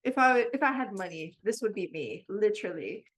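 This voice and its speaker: A woman co-hosting a podcast in casual chat, gushing and excitable, often breaking into laughter. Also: medium pitch, brisk, slightly rough. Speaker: podcast co-host.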